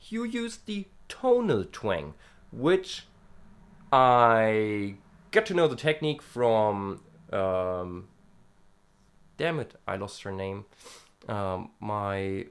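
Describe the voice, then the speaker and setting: A man from Europe talking casually and hesitantly about vocal technique, with many fillers, breaking into short sound demonstrations. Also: mid-range voice. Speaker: vocal student vlogger. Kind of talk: casual singing-lesson vlog.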